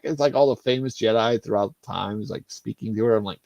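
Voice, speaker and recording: A man chatting casually on a livestream, animated and swearing, acting out film scenes with laughter. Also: on the low side, a little fast, vocal fry, hardly any pauses, no echo. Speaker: streamer.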